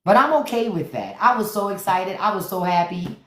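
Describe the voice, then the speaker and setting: A woman hosting a casual livestream from home, telling playful stories with excited outbursts, speaking. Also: medium pitch, fairly quick, echoey room. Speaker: livestream host.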